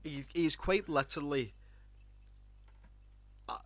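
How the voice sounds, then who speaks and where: A man's voice: a little high, slow pace, a bit bright, no echo. Blunt Scottish man, dry close sound. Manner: blunt, sweary, laughing. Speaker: podcast co-host. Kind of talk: casual wrestling banter.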